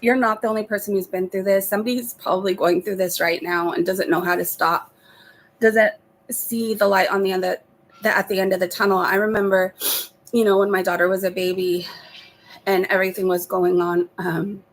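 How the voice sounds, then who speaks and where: A woman with a gravelly, creaky voice opening up on camera, sniffly as she holds back tears. She talks softly and haltingly, with many pauses and fillers. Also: medium pitch, fairly even intonation, poor audio. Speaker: vlogger. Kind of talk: confessional vlog.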